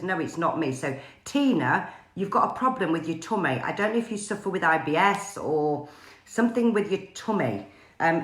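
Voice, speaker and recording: A woman psychic medium, doing a live-streamed spirit reading in a halting way full of fillers and pauses. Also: lowish voice, roomy sound. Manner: hesitant, many fillers and pauses.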